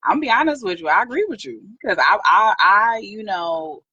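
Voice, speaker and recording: A woman guest on a live video call, chatting in with quick, lively rambling. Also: mid-range voice, slightly rough, no echo, dull audio. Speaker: guest caller on a live stream. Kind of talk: casual chat. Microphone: phone camera on a video call.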